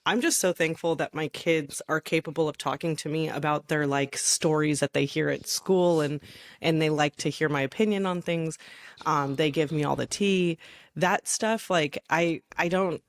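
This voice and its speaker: A woman's voice: low-pitched, normal speed, no echo, studio quality. Eager, emphatic woman podcast co-host. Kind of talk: casual chat.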